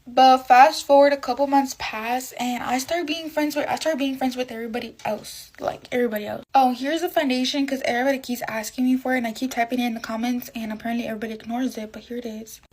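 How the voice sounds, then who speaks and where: A woman chatting through a storytime while doing her makeup, animated and calling the listener "girl". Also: on the high side.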